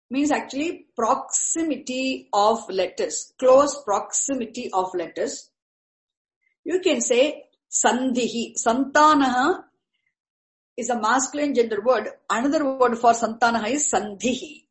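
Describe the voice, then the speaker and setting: A woman teaching Sanskrit terms, speaking deliberately and repeating each key word. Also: fairly high pitch. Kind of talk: slow explanatory lecture. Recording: echoey room.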